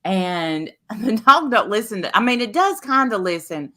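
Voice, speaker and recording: A woman, co-hosting a livestream and chatting casually in a jokey, animated way. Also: mid-range voice, moderate pace. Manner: animated, jokey, loud at times. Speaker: livestream co-host. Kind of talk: casual gossip chat.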